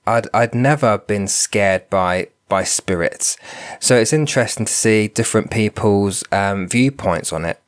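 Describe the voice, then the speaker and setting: A man hosting his own podcast, nasal and bunged up from a cold, talking gently and reflectively as he thinks aloud. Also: fairly low pitch, measured pace. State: congested from a cold. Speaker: podcast host and spiritual medium. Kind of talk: casual solo podcast talk.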